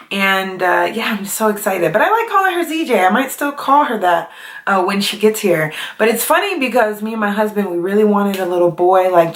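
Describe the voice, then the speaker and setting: A woman's voice: mid-range voice, fairly bright tone. Chatty young woman vlogging in an echoey room. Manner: chatty, with many fillers and laughs. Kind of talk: casual chat to camera.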